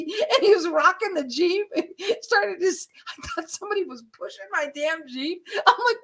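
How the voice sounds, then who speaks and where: Woman vlogger, high and lively voice, unhurried, profane, easily amused. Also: gravelly, slight background noise. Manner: profane, laughing, excitable storytelling; hushed whispering in the dark. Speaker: vlogger on a night ghost hunt. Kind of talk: casual vlog narration.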